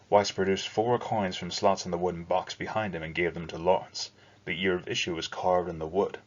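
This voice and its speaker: A man reads a novel aloud in a steady, measured way. His voice is deep and low. The recording has a dull, lo-fi sound. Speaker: narrator. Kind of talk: audiobook narration.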